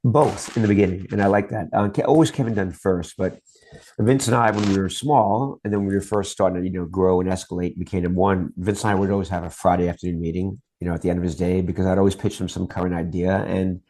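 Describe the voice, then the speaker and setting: A man's voice: low voice, fairly even intonation, fast talker, warm tone. A middle-aged man, a guest on an interview show, telling long stories about his work in TV promos in a casual chat style. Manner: long anecdotes, acts out quoted voices.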